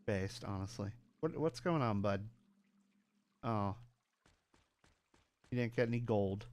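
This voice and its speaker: A man streaming a retro game, speaking with a mixed Southern US and New York accent. His pitch swings widely as he reacts, yet he talks slowly. His voice is smooth and clear. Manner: animated, profane, laughs often. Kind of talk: casual gaming commentary.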